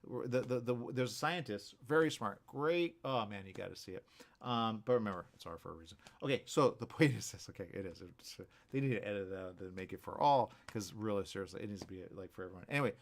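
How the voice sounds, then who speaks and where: A man hosting a radio morning show, talking casually in a rambling, animated way full of restarts and asides. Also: on the low side, fast, vocal fry. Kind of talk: casual talk show monologue.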